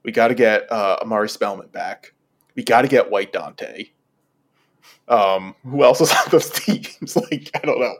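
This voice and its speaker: A man's voice: fairly low pitch, measured pace. A man hosting a casual basketball fan podcast, joking and mocking himself, slipping into quoted voices. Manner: joking, self-mocking, animated quoting. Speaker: podcast host.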